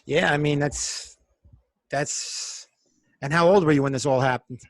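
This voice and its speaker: A man's voice: a little high, measured pace. A male podcast host with a mid-range voice, reflective, often answering with short affirmations. The recording is dry and close, with no room echo. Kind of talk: casual interview chat.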